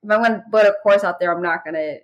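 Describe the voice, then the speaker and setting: A woman in her thirties, a parenting course creator talking with a podcast host, who tells stories in a lively, casual way full of asides. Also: on the low side, very fast, muffled recording. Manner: animated storytelling, many "I was like" asides.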